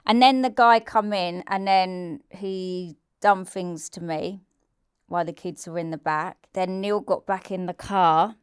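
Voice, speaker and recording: A woman tells her story bluntly and candidly, with plenty of swearing. Her voice is smooth and clear, and she is recorded close with a dry sound and almost no room echo. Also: fairly low pitch, fairly even intonation, measured pace. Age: 40s. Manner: candid and blunt, swears freely, acts out quoted shouts. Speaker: interview guest. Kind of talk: emotional personal storytelling.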